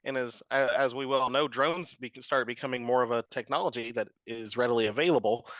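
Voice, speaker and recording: Bright-voiced man telling his story. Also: mid-range voice, moderate pace, few pauses, no room sound, muffled recording. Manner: rambling, frequent fillers and laughs. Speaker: guest, drone business owner. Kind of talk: casual interview storytelling.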